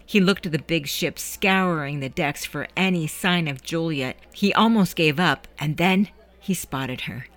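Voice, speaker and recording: A woman host reading a scripted story narration in a measured storytelling manner. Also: deep voice, fairly bright tone.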